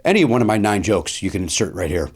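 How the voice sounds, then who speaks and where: A middle-aged man hosts a comedic solo podcast from a studio. He talks in a wry, self-deprecating way, wanders into rambling asides, and his voice swings widely in pitch. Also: big pitch swings, quick pace. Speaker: podcast host.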